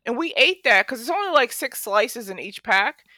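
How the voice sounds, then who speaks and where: Bright, expressive woman telling a story. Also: on the high side, normal speed. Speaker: podcast co-host. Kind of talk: casual chat.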